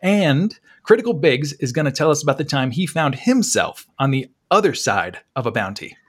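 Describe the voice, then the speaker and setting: Male host, a bit high-pitched, laid-back intro. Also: very animated, normal speed, slightly rough. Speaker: podcast host. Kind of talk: casual chat.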